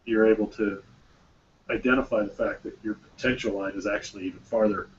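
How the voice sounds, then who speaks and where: A man's voice: lowish voice, fairly even intonation, a little fast, recorded from a distance. A man hosts a group discussion, talking casually and acting out bits of dialogue. He sits away from the mic, and the sound is muffled with a faint hum of room noise. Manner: conversational, repeats phrases, acts out quoted dialogue. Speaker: mastermind group host.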